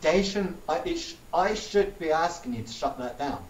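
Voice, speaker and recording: A man's voice: fairly high pitch, moderate pace. A man, chatting casually and acting out the people he retells. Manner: animated storytelling, acts out quoted people. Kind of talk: casual chat. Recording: roomy, distant mic with faint ambience.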